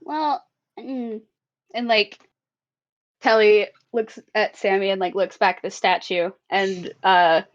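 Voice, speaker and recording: Woman player, hesitant and filler-heavy, slow speech, muffled lo-fi audio. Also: medium pitch, steady tone. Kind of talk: tabletop role-play over voice chat.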